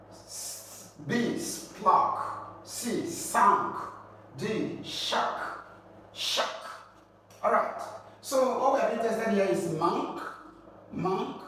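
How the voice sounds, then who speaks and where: A high-pitched man with a Nigerian English accent teaches an exam prep lesson at an unhurried pace. He spells out letters and asks rhetorical questions. His voice sounds distant in a very echoey room with faint hiss behind it. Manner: explains slowly, quizzes the listener, spells out letters.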